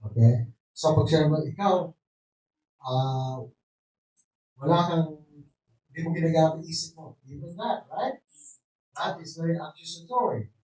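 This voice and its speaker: A man's voice: fairly high pitch, darkish tone. A man teaching a group, emphatic and checking in often with "right?". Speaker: lecturer. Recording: echoey room, speaker far from mic.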